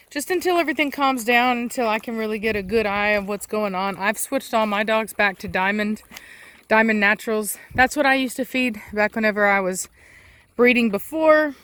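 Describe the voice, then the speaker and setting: A woman with a Texan accent, a dog breeder, chatting in a casual outdoor vlog and calling to her dogs in a high sing-song voice. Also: a bit bright. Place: outdoors in a rural yard. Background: dogs barking and rural ambience.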